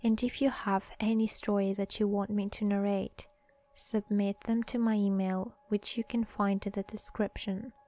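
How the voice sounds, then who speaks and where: A woman reading a scary story aloud in a soft, hushed voice that often drops to a whisper. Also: medium pitch, level tone, moderate pace, dry recording, soft background music. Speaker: horror story narrator. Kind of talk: scripted story narration.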